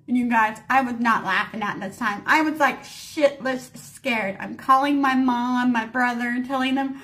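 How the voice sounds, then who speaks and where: A woman's voice: a little high, moderate pace, few pauses, fairly bright tone. A woman in her forties telling a story in a casual vlog, acting out her own and others' panicked lines. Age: 40s. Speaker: storyteller vlogger.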